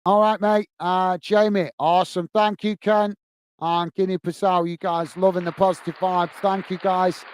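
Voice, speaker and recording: Chatty high-voiced male match host. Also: little pitch movement, normal speed, clear, resonant tone, dry recording. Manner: chatty, says "mate" a lot, reads chat messages aloud. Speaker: watch-along host and match commentator. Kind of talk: live match commentary reading viewer chat.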